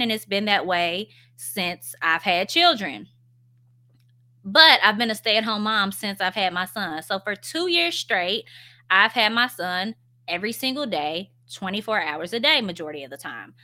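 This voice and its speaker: A woman's voice: a little high, sharp tone. A young woman, a stay-at-home mom, talking candidly to her followers in a casual vlog, with frequent fillers and self-deprecating laughs. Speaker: stay-at-home mom sharing parenting experiences.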